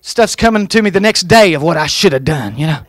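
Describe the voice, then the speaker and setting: A male guest pastor preaching a revival sermon in a church, fervent, with folksy humor, swinging from quiet asides to loud shouted calls. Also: on the high side, expressive, brisk, dry recording.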